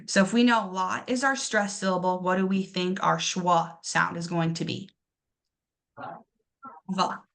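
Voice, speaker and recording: A woman's voice: fairly low pitch, steady tone, unhurried, gravelly, fairly bright tone. A young woman teaching a classroom pronunciation lesson, encouraging her students and exaggerating syllables to demonstrate them.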